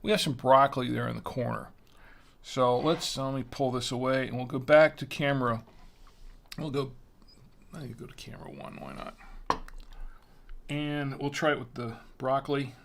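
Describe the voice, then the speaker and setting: A man hosts a wine tasting livestream, chatting casually and rambling self-deprecatingly with lots of fillers. His mid-range voice is creaky and a bit bright, with fairly even intonation, a moderate pace, and long pauses.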